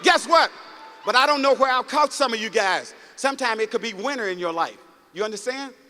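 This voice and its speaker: A man with a high, bright, ringing voice delivers a motivational talk to a packed auditorium. He speaks in a storytelling, preachy way and keeps calling out to the crowd. His words carry a long echo through the hall, and audience laughter rises now and then. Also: lively intonation, fast talker, slight background noise. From Mississippi, United States. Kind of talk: motivational speech. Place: large auditorium.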